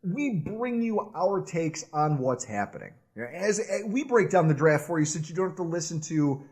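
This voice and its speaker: High, lively-voiced podcast co-host man. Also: moderate pace. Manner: loud, laughing, playful banter. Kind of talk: casual sports podcast chat.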